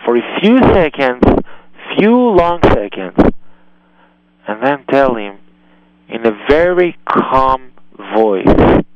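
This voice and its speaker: A man's voice: medium pitch, big pitch swings, takes it slowly, pauses often, dry recording, dull audio. A man hosting a radio advice show, giving earnest, emphatic parenting guidance in slightly non-native English. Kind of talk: call-in advice talk.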